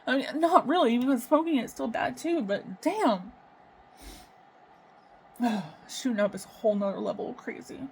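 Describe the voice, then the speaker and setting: A woman talking unscripted to her camera about her own life, halting and emotional, swearing and sighing often. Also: on the high side, lively intonation, a little mellow, slight background noise, poor audio. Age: adult with children. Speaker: vlogger. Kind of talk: raw unscripted personal talk to camera.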